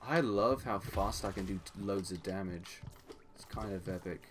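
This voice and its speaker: A young man with a fairly low voice streams a game, rambling to himself and to his chat as he plays. Faint keyboard clicks sit behind his voice. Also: moderate pace, fairly bright tone, slight background noise. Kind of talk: live gameplay commentary.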